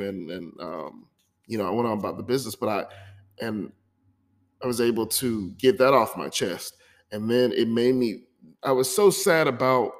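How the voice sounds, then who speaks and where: A man hosting his own podcast, talking through a hard week in an emotional personal monologue, often stumbling and repeating words. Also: mid-range voice. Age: adult, divorced. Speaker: podcast host.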